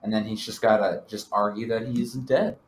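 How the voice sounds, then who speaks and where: A man's voice: on the low side, steady tone, a little fast. Laid-back man in an echoey room. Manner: rambling, laid-back, with lots of fillers. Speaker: podcast co-host. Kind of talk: casual brainstorming chat. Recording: echoey room with faint noise.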